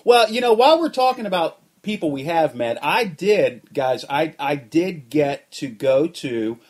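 A man's voice: on the high side, lively intonation, unhurried. A man co-hosting a podcast, with an easygoing manner and frequent chuckles. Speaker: podcast co-host. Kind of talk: casual interview chat.

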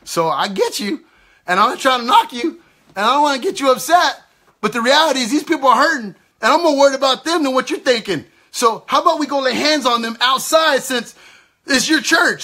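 Male preacher, very high bright voice, emphatic and repetitive sermon delivery. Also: lively intonation, fairly quick. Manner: emphatic, repetitive, acts out quoted exchanges. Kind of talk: impassioned sermon.

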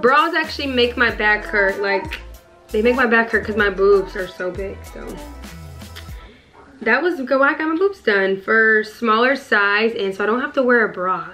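A woman's voice: on the high side, animated, moderate pace, sharp tone, soft background music. A woman vlogging casually at home, chatty and rambling, full of fillers as she talks to her viewers. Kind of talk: casual vlog chat to viewers.

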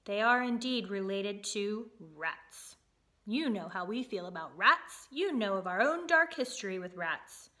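Woman reading aloud as a storybook king: stern, pompous, slow and commanding, with a bright, forceful edge. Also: medium pitch, animated. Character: stern pompous male king, middle-aged.

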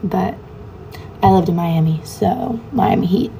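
Young woman livestreamer, mellow voice, casual comment-reading chat, faint hiss on a phone mic. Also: fairly low pitch, measured pace, vocal fry. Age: young adult. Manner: chatty, reads comments aloud and answers them offhandedly.

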